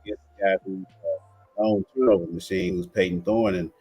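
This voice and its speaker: A man on a sports talk panel, giving casual game analysis in a relaxed, steady way with many fillers. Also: sits low, brisk, husky, soft background music. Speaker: panel guest.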